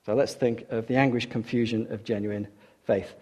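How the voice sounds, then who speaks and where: A man's voice: lowish voice, steady tone, moderate pace, darkish tone. A man preaching a sermon as a preacher in a church, earnest and emphatic, repeating key words for stress.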